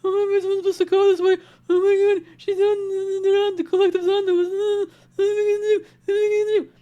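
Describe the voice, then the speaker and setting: A woman's voice: extremely high pitch, level tone, brisk, warm tone, highs cut off, voice pushed up. A woman voicing a panicking rich occult woman who frantically repeats herself. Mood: panicked.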